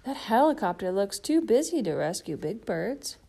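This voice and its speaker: A woman's voice: mid-range voice, big pitch swings, normal speed, creaky, mellow. A woman voicing a cheerful, childlike giant bird in a storybook read-aloud, eager and wondering. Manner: eager, wondering, sometimes plaintive.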